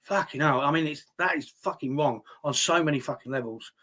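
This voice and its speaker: A man's voice: on the high side, brisk, sharp tone. A man hosting a live stream, answering viewer chat in heated, indignant talk with plenty of swearing. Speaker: livestream host reading viewer chat.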